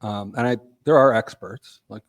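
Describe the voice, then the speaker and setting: Man, middle-aged, low voice, podcast guest, measured, trailing off, dry sound. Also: dry recording. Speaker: guest, company CEO. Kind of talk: casual podcast interview.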